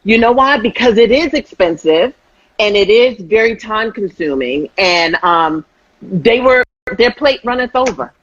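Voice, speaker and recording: Woman w/ husky voice, acts out every quote, dry muffled sound. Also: mid-range voice, unhurried, no echo. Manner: animated storyteller, acts out quotes. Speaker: host. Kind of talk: casual chat.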